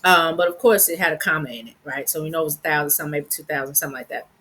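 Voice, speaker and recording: A woman hosting a podcast, recounting a personal story with a bright, clear voice. She talks in an animated way, laughs often, and briefly acts out the people she quotes. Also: low-pitched, racing. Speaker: podcast host.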